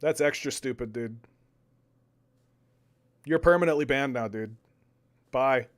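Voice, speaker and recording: A young man doing casual live-stream political commentary, animated, repeating words and arguing with his chat. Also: medium pitch, measured pace. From Canada.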